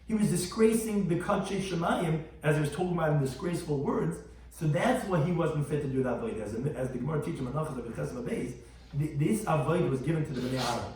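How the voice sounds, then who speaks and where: A rabbi gives a Talmud lecture at a rapid clip, his voice sitting a little high for a man. He tells the stories with animation and translates each term as he goes. The sound is very echoey, with the mic set far from him. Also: a little mellow, slight background noise.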